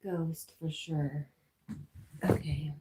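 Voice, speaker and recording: A congested woman hosting a casual livestream, chatting and reading viewer comments aloud, often dropping to a soft whisper. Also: low voice, fairly even intonation, very slow, very noisy. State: congested from allergies. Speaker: livestream host.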